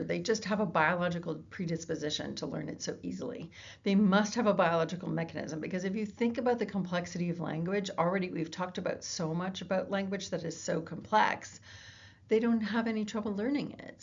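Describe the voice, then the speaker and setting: A woman giving a recorded lecture, her voice low-pitched and gravelly with noticeable fry. She explains things patiently, often pausing on fillers and restarting sentences. The recording sounds dull and lo-fi. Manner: explanatory, with fillers and self-corrections. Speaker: psychology lecturer.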